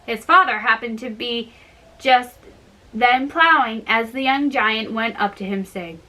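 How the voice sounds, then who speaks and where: Brief: woman storyteller, slow careful read, bright tone, higher pitch. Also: low-quality recording. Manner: slow, careful reading with small slips. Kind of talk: fairy tale read aloud.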